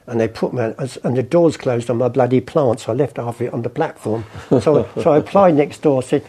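A man's voice: medium pitch, fairly quick, warm tone, husky. An older man from England, a chatty raconteur telling anecdotes in an interview and acting out the voices in his stories. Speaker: artist and storyteller guest.

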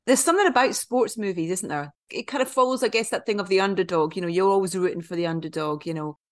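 A woman's voice: medium pitch, fast. Woman hosting a film interview. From Scotland. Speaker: podcast host.

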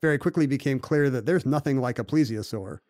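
A man of medium pitch speaks fast in a slightly mellow tone while co-hosting a podcast. His casual, rambling explanations run long and are peppered with "you know" fillers and restarts. The audio is studio quality, without echo.

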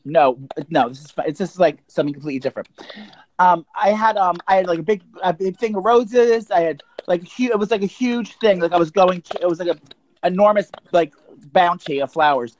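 A man's voice: high-pitched, fairly quick, slight background noise. A man co-hosting a podcast, telling gossipy stories in a campy, rambling way full of fillers. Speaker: podcast co-host. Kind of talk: casual chat.

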